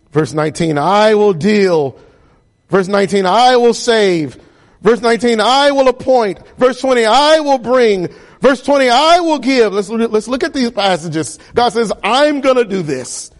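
A man preaching a sermon, building repeated phrases to loud emphatic peaks. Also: high-pitched. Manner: emphatic, repetitive cadence, rising to loud peaks.

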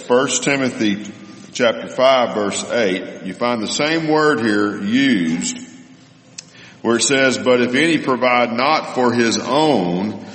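Man, low voice, Bible teacher, explaining with pauses, roomy hall with long reverb. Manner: thoughtful, explanatory, with many pauses and fillers. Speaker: preacher answering Bible questions. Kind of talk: Bible lesson.

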